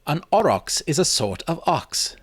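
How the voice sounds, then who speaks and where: A man's voice: on the high side, very animated, unhurried, slightly rough, no echo, voice pushed up, heavily acted. A man reading aloud and voicing a smug young man who loves to mock, with a raised voice and a taunting, insistent manner. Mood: pointed. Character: smug, mocking young man, excitable know-it-all.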